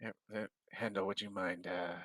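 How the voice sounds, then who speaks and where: A man's voice: low voice, flat delivery, normal speed, sharp tone, no room sound. A man playing in a tabletop game, making a showy welcome speech in character. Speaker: player.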